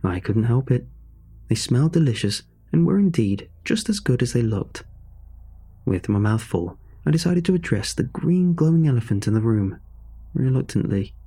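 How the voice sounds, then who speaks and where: A man narrating a horror story in a measured, suspenseful way. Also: mid-range voice, big pitch swings, warm tone, husky, faint music behind.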